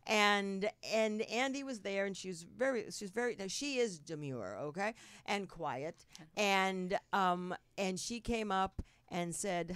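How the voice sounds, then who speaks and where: A woman's voice: mid-range voice, a little slow, a bit bright, clean tone. A woman from New Jersey with a Jersey accent, hosting a podcast in casual, rambling chat and laughing often. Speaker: podcast host. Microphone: studio mic.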